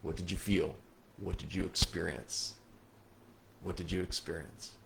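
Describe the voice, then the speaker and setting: Sitting indoors at his computer, a man hosts a late-night livestream as a psychic medium and reads out viewer comments. His low voice carries vocal fry as he swings between soft, slow reflection and excited chatter, with noise in the background.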